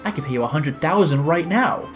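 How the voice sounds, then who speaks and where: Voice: animated, fairly quick, soft background music, close to an everyday voice. A streamer voicing a pushy grown man who whines and begs and seems close to tears, while reading a visual novel aloud on a live stream. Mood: pleading. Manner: pleading, high-pitched and loud.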